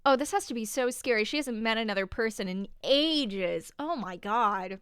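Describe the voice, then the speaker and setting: A woman's voice: a little high, animated, normal speed, fairly bright tone, clear, resonant tone, no echo, clean studio sound. A woman from the American South chatting casually as she plays through a visual novel, rambling and self-deprecating about her voice acting. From Southern United States. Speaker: gaming streamer. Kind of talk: casual let's-play commentary.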